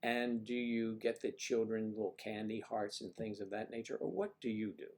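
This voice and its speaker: A man's voice: on the low side, moderate pace, a little mellow. A man hosting a casual livestream, rambling playfully and greeting viewers by name. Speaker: livestream host.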